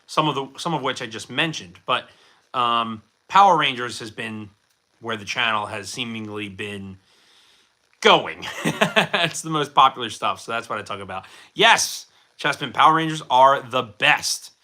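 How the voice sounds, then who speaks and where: Chatting with his livestream viewers, this host rambles and jokes at his own expense, leaning on plenty of fillers. He speaks unhurriedly at a medium pitch, with lively intonation and a pushed, bright sound.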